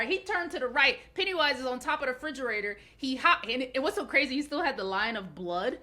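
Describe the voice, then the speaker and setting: A woman's voice: sits high, lively intonation, quick pace, hardly any pauses, sharp tone. A woman co-hosting a podcast, recapping a TV episode in casual chat with playful jokes and mock outrage. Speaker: podcast co-host.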